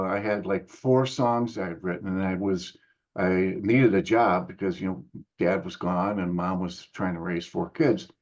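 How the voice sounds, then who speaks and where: Older man telling a lively story. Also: lo-fi sound. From United States. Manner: animated storyteller, acts out others' lines in higher voices. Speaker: musician guest. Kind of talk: casual storytelling interview.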